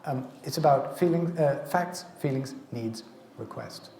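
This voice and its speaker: A British man gives a public talk in a community arts centre hall, his speech full of ums and restarts. His voice is mellow and warm. The hall leaves a roomy echo around it. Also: mid-range voice, unhurried. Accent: British English. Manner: rambling, many ums and restarts. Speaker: speaker. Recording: echoey hall.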